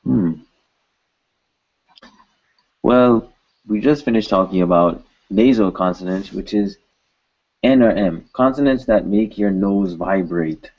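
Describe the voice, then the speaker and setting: A man's voice: on the low side, unhurried, muffled recording. A man teaching pronunciation, patiently repeating each word several times. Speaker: language teacher. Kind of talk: pronunciation lesson.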